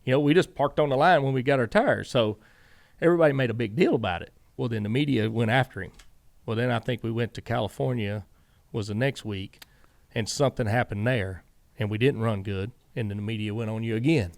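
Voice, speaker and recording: Gravelly man telling racing stories. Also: medium pitch, brisk. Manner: animated storyteller, acts out quoted dialogue. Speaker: podcast guest, former crew chief. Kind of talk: casual storytelling interview.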